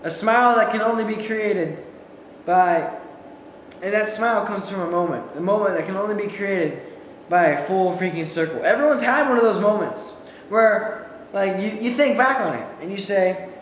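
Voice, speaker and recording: This young man, performing as a student, recites a memorized comic monologue with high pitch and moderate pace. Animated, he shouts while acting out quotes, and echo and faint background noise fill the school hall.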